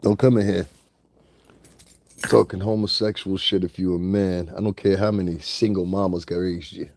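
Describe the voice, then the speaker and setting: A man with a very deep, gravelly voice rants at his audience as a vlogger, taunting and swearing. He sounds dry and close, with no room around him. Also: fairly even intonation, normal speed, darkish tone, dry recording. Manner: profane and taunting, breaks into laughter. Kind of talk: confrontational rant.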